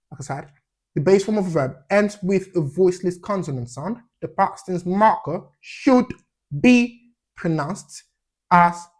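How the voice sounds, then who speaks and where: A man with a high voice teaches an English pronunciation lesson. He drills sounds by repeating them and checks in with a questioning "yeah?" after each point.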